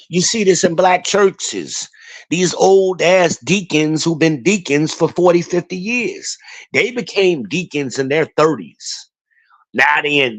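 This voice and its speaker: A man's voice: medium pitch, a bit bright. A man hosting a casual stream, ranting bluntly with lots of cursing and rambling asides. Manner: blunt, profane, rambling rant. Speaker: channel host.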